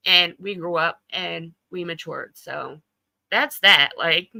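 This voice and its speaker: A woman's voice: fairly low pitch, takes it slowly, vocal fry, pushed and bright, no echo, low-quality recording. A woman hosting a casual livestream chat, talking loosely, laughing often and swearing freely. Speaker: livestream host.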